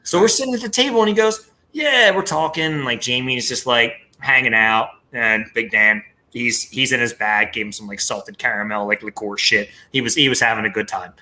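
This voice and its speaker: A man, hosting a podcast and telling a story in lively casual chat, swearing freely. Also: medium pitch, fairly quick, few pauses. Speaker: podcast host.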